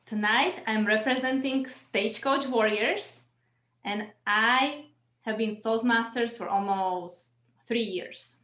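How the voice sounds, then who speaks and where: Contestant lady, higher voice, echoey room, muffled audio. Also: slow, a bit bright. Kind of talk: interview answers.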